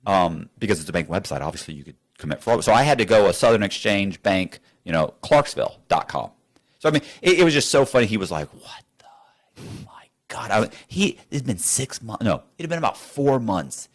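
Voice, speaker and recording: A man's voice: lowish voice, very animated, a little fast. A man telling a story as an interview guest in a studio, acting out both sides of the conversations.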